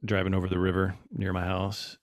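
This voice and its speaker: A man chatting casually on a podcast, telling animated stories and acting out what people said. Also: low-pitched, a little fast, no room sound, studio quality. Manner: animated storyteller, acts out quotes. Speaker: podcast guest. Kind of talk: casual chat.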